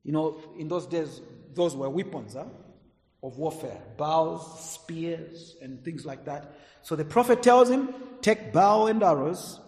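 A man preaching a sermon, swinging between loud emphatic lines and quiet asides. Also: fairly high pitch, expressive, measured pace. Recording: echoey hall, long reverb.

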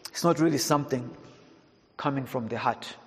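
A male pastor preaches a sermon in a church. He swings between hushed, low passages and raised, emphatic preaching. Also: normal speed. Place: church hall. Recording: long hall reverb.

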